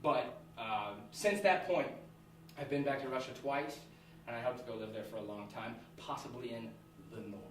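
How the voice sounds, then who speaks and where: A young American man telling a personal story on stage, animated and laughing as he goes. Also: medium pitch, moderate pace, a little hiss or hum. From United States. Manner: animated, laughing between lines. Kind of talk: live storytelling. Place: small theatre with live audience. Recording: echoey room, far from mic, audience.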